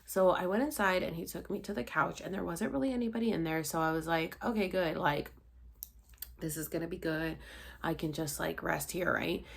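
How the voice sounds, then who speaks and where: Tired gravelly-voiced woman telling a story. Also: on the low side, fairly quick. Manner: rambling, filler-heavy, sighing, tired. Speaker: vlogger telling a personal story. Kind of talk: casual storytelling to camera.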